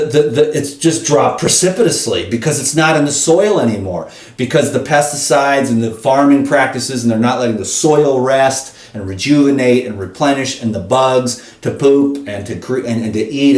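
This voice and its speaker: An impassioned man vlogs in a preachy, animated rant and speaks straight to his viewers. His voice sits at an ordinary pitch. He sounds a step back from the mic in a roomy, echoing space. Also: distant mic. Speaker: vlogger.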